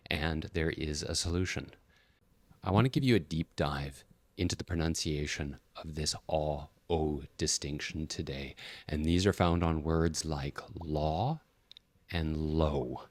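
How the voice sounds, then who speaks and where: A man with a very low, deep voice teaching English pronunciation. He models vowel sounds slowly and deliberately. The recording is dry and close, with no room sound. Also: no room sound. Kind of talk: English pronunciation lesson to camera.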